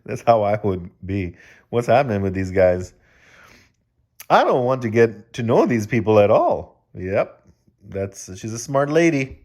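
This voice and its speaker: A man's voice: on the low side, lively intonation, a little slow, a little mellow. A man reading a children's picture book aloud, breaking off for joking asides to the kids listening. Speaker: children's story reader.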